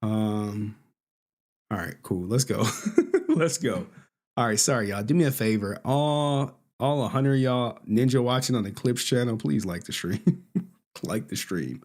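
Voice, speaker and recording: A man's voice: mid-range voice, expressive, a little slow, darkish tone. A man hosting a casual livestream, laughing often, joking and swearing as he talks. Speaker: streamer host.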